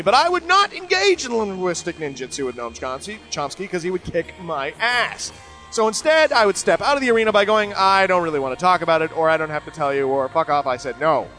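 Answering listener emails on his show, a middle-aged man talks at a brisk clip over faint background music on a low-quality recording. He rambles casually, cracks sarcastic jokes, and keeps things animated with sudden jumps in pitch.

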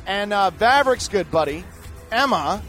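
Man, middle-aged, high-pitched, profane angry rant, news host, faint music behind. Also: expressive, measured pace, sharp tone. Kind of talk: profane ranting news commentary.

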